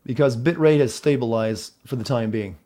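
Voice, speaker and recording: Mellow-voiced male game streamer. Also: medium pitch, normal speed. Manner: chatty, apologetic about stream trouble. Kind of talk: casual game stream chat.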